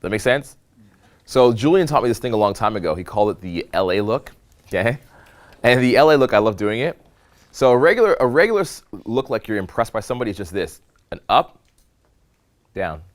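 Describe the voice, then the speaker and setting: A man coaching social skills at a live seminar, animated and demonstrative, often checking in with the room. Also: fairly low pitch, a little fast, pauses often.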